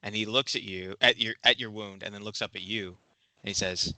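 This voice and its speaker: A man narrating as game master of a tabletop game, halting with many fillers. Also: fairly low pitch, fairly even intonation, sharp tone, dry recording, rough recording.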